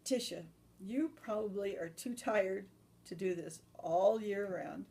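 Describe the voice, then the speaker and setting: A woman's voice: mid-range voice, vocal fry, warm tone. Woman doing a bossy, kind witch. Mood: coaxing. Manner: brisk, rambling with restarts. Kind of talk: told storytelling.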